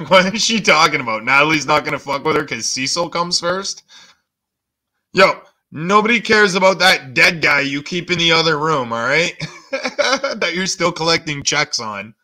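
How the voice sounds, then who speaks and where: A man's voice: a little high, lively intonation, moderate pace, bright, forceful tone. A man hosting a reaction channel, making sarcastic, mocking comments.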